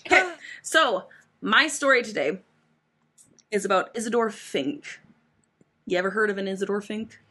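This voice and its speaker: A woman's voice: medium pitch, expressive, normal speed, pauses often, sharp tone, slightly rough. A woman co-hosting a casual true crime podcast, telling the story with swearing and frequent laughter. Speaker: podcast co-host.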